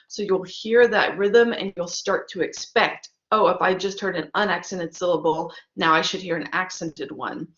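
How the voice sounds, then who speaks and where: A woman's voice: medium pitch, fairly bright tone. A woman teaching about her own sonnet, explaining rhyme and meter and tapping out the rhythm syllable by syllable. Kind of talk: lecture on poetic meter. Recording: echoey room, dull lo-fi sound.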